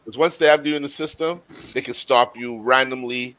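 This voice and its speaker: A man on a casual panel podcast, telling a personal story in a relaxed way. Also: medium pitch, brisk, poor audio. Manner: laid-back anecdotal storytelling.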